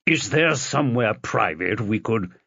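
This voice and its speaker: A man's voice: fairly low pitch, lively intonation, unhurried, vocal fry, a bit bright, slightly rough, no room sound, muffled recording, heavily acted. A man voicing an oily, fawning older male judge who talks in a wheedling, ingratiating way.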